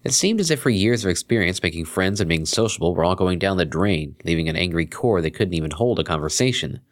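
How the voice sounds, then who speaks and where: Brief: male narrator, lowish voice, lively expressive reading. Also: fast talker. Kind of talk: fan fiction reading.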